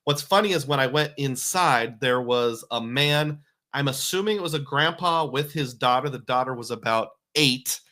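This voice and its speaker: A man's voice: mid-range voice, normal speed, pushed and bright. A middle-aged man narrating his family's travel photos in a chatty, folksy voice-over, often correcting himself with little asides. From United States.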